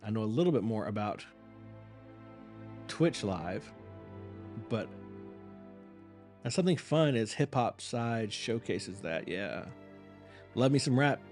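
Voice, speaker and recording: A man's voice: lowish voice, lively intonation, slow, pauses often, a little mellow, faint music behind. A man hosting a live reaction stream, chatting casually with viewers in a rambling, apologetic and self-mocking way.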